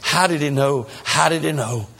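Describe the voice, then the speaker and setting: A man's voice: on the high side, moderate pace, creaky, sharp tone, full character voice. A man voicing a weeping woman who is ashamed and frightened, in a told sermon story. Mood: distraught. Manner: distraught, pleading.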